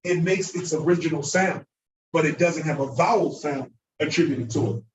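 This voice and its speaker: A man teaching a class, high in pitch and animated, acting out mistakes and drilling words aloud. He sounds set back from the microphone in a roomy, echoing space, with faint room ambience behind him. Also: moderate pace, noisy background. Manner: animated, acts out mispronunciations, repeats words for drilling. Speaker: Arabic teacher. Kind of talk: classroom lecture. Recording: echoey room, voice from far off.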